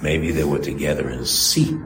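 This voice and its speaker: Rabbi, male, very low voice; emphatic sermon with rhetorical questions, echoey room, faint ambience. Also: fairly even intonation, moderate pace, a bit bright, a little hiss or hum. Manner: storytelling, quotes a source then translates. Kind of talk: sermon of encouragement.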